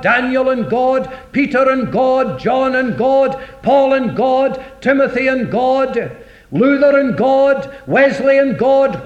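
Preacher guy, high lively voice, dramatic sermon, kinda muffled old recording. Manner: dramatic, rhetorical, acts out voices of scripture. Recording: dull lo-fi recording.

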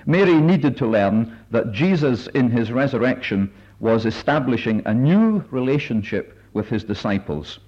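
A man leading a Bible study meeting, speaking in a careful, measured way with many filler pauses as he reads and explains passages. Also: medium pitch, expressive. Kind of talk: measured sermon-style talk with readings. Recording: dull lo-fi recording.

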